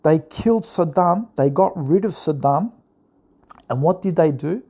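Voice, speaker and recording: A man talking through a political commentary monologue in a gravelly, low-lit voice with a mellow, dark tone. He is sarcastic and mocking, and he slips into exaggerated impressions of the people he criticizes. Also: expressive, unhurried. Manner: sarcastic and mocking, mimics opponents in put-on voices.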